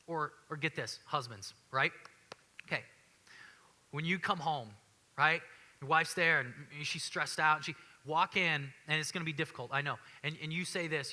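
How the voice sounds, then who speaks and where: A man in his thirties delivers a sermon to his church, speaking in a casual, earnest way and circling back over his own phrases. His voice sits high for a man, with a very bright, forward tone. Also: moderate pace. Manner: conversational, earnest, repeats himself and restarts often. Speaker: pastor. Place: church sanctuary.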